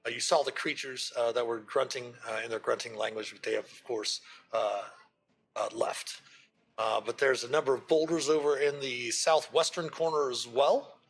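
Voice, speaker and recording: A man's voice: medium pitch, normal speed, vocal fry, slightly rough. Give me a man narrating a tabletop game with lots of fillers. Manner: loose, filler-heavy narration. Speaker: game master.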